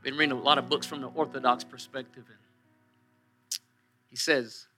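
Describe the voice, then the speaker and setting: A male pastor preaching a sermon in an animated way, repeating lines for emphasis. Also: medium pitch, moderate pace, soft background music.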